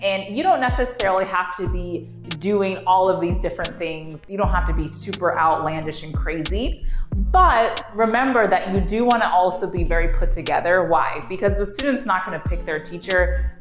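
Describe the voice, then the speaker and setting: A woman, an online English teacher, giving animated, upbeat tips on teaching kids. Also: lowish voice, normal speed. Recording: roomy echo with faint music.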